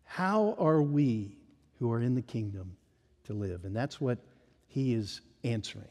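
A man preaching a sermon in an emphatic way, often dropping to a hush at the ends of phrases. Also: medium pitch, animated, unhurried, long reverb tail.

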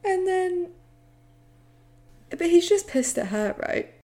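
A young woman co-hosting a casual show recap, blunt and animated, laughing and swearing as she retells scenes. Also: very high voice, slow pace. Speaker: podcast co-host.

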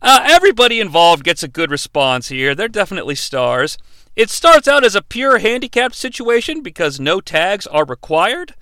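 Lively, bright-voiced sarcastic podcast host man. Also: high voice, normal speed, no room sound. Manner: sarcastic, joking, with swearing asides. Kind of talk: casual wrestling recap narration.

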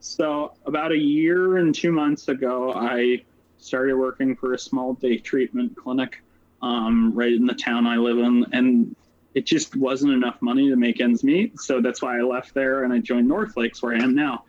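A man's voice: mid-range voice, fairly even intonation, a little mellow. Guy rambling thru his career story, lots of likes and ums, muffled lo-fi audio, voice sits mid. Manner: rambling, many "like" and "um" fillers, quick asides. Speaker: guest social worker. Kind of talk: casual interview storytelling.

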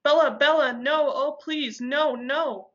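A woman's voice: fairly high pitch, fast talker, a bit bright, lo-fi sound, close to an everyday voice. A woman voicing a desperate young man who pleads in anguish, reading a story aloud. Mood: pleading. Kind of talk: amateur audiobook reading.

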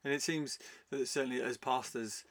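A man, a pastor hosting an interview, speaking in a thoughtful, measured way. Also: medium pitch, fairly even intonation, crowd noise. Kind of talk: reflective interview talk.

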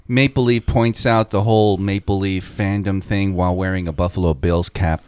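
A man's voice: low-pitched, fairly even intonation, normal speed, darkish tone, clear, resonant tone, no echo. A man co-hosting a podcast, making dry, wry asides. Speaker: podcast co-host. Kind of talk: casual podcast banter.

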